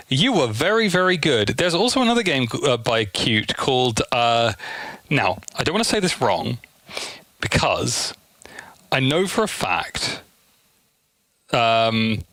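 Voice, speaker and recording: A man's voice: medium pitch, pushed and bright, dry recording. A young man streaming shoot-'em-ups, tired, rambling and swearing freely. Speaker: game streamer. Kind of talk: casual gameplay stream commentary.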